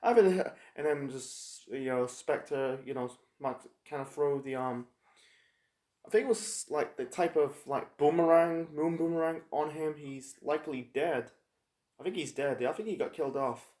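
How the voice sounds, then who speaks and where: Male reviewer, slightly high voice, rambling, loose delivery full of ums and restarts, echoey room. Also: darkish tone. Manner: rambling, halting, with many fillers and restarts. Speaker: TV episode reviewer. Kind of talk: casual spoken review.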